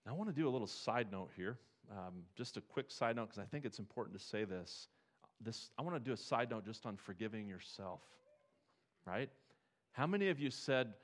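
A man preaching a sermon in a conversational way, asking the congregation rhetorical questions and building to emphatic high points. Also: expressive, moderate pace. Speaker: pastor.

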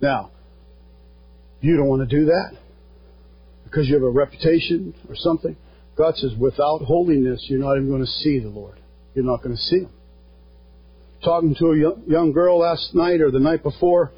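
A pastor preaching a sermon, earnest and plain-spoken, quoting scripture along the way. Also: male voice, fairly high pitch, moderate pace, pauses often, slightly rough, soft background music. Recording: dull lo-fi sound.

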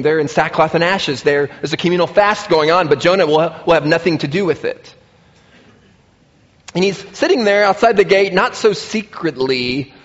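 A man preaching a sermon, lively and expressive, acting out the voices of the people he quotes. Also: a little high. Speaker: pastor. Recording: muffled sound with long reverb in a large hall.

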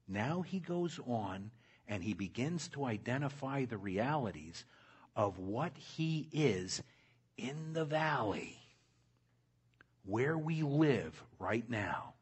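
A man preaching a sermon to his congregation, swinging between loud emphatic lines and soft quiet ones and talking directly to the people in front of him. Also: medium pitch, big pitch swings, a little slow, slightly rough. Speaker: pastor.

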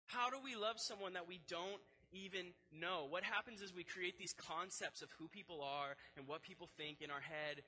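A young man preaching a sermon, telling a personal story in a lively, animated way and often turning to ask the listeners directly. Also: sits high, low-quality recording.

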